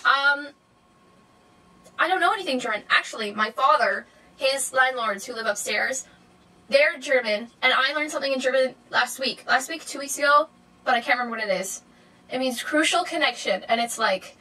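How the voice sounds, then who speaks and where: A young woman chats to her camera in a rambling, unscripted way, stumbling through fillers and corrections. Her voice sits a little high and sounds bright and sharp, and now and then it jumps up into an excited squeal. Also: moderate pace, a little hiss or hum, poor audio. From Canada. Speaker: vlogger. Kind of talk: casual chatty vlog monologue.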